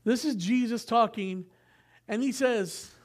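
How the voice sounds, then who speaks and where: A man's voice: very high-pitched, measured pace. Male pastor preaching, loose and chatty, keeps stopping to fix what he read. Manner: casual and conversational, with frequent fillers, asides and self-corrections. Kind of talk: sermon.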